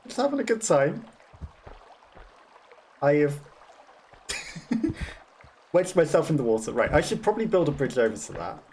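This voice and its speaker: A man's voice: on the high side, very animated, moderate pace, pauses often, darkish tone, slight background noise. A young man with a Black Country accent, chatting and laughing at himself while streaming a game. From West Midlands, England. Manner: chatty, self-mocking, laughs often. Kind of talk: casual gameplay commentary.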